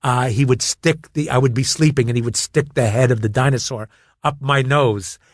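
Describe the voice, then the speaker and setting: A medium-pitched male voice at normal speed comes through clean and dry, studio-style. As an interview guest chatting casually, he tells lively anecdotes, acting them out and repeatedly stammering and restarting.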